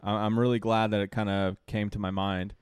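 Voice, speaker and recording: A podcast co-host, talking in a heated, profane rant. His voice sits on the low side and sounds dry and close, with no room around it. He speaks in a loose, casual chat style. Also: level tone, brisk, clear, resonant tone, no echo. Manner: heated, ranting, swears freely.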